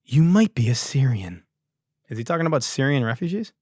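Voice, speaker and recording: A young podcast host riffs crudely and sarcastically in casual comedy, jumping between mumbles and loud outbursts. His medium-pitched voice is sing-song and a little fast, recorded dry with clean studio sound.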